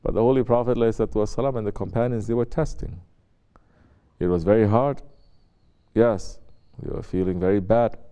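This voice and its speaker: A man preaching to his congregation in a relaxed, conversational way. His voice sits fairly low with a dark, mellow tone. He keeps asking his listeners pointed rhetorical questions. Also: a little fast, clear, resonant tone, muffled recording. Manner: conversational, asks rhetorical questions and acts out quotes. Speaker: Sufi sheikh. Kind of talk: spiritual sermon to a congregation.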